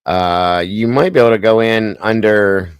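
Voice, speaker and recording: A man's voice: lowish voice, normal speed, clear, resonant tone, dry recording, clean studio sound. A man hosting a casual livestream, chatting and greeting viewers by name one after another. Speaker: livestream host.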